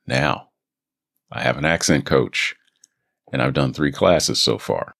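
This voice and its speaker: A man's voice: extremely low pitch, slow pace, creaky, pauses often, a bit bright. A man hosting a voice-acting podcast, talking casually and rambling into a studio microphone. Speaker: podcast host and voice actor.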